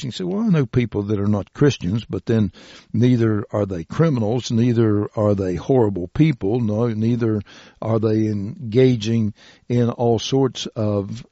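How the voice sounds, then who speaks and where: A male preacher delivering a sermon at an unhurried, deliberate pace, his low, mellow voice slightly husky. He reads scripture passages aloud as he goes. The recording is dull and lo-fi, with a dry sound. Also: no room sound.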